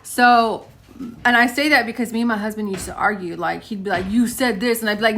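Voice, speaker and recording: A woman's voice: a little high, fast talker, bright, forceful tone. A woman in her late thirties chatting to camera at home, telling stories to her viewers and acting out the back-and-forth of conversations. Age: late 30s. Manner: chatty storytelling, addresses viewers as guys, acts out quotes. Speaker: vlogger. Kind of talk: casual chat to camera.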